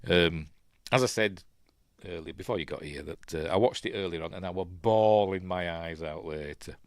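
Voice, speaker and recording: A man with a Yorkshire accent talks through a film in a loose, live commentary, drifting off on tangents as he goes. His voice sits low and deep. The sound is close and dry, with no room around it. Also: normal speed, dry recording. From Yorkshire, England. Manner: rambling, chatty, easily sidetracked. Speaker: host.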